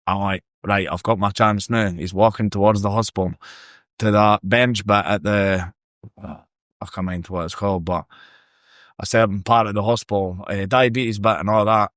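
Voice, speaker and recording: A Scottish man spins a lively, sweary yarn in a casual podcast chat. His voice sits fairly low. The sound is dry and close, with no room echo. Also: normal speed. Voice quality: sweary, animated storyteller. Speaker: podcast guest. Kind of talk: casual storytelling.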